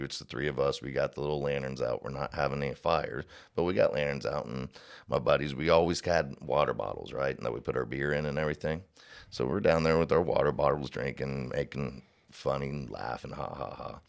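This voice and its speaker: A man with an extremely low, gravelly voice, talking in a relaxed, rambling way. He tells folksy stories and slips into voices for the people in them. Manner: rambling, folksy storyteller, acts out voices in his anecdotes. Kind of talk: casual storytelling chat.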